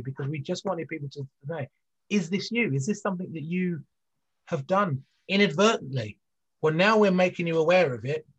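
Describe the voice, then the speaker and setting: A man's voice: on the high side, breathy edge, highs cut off. A man talking in a rambling, earnest way as an interview guest, full of restarts and fillers. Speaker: guest, business leader. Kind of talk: conversational interview.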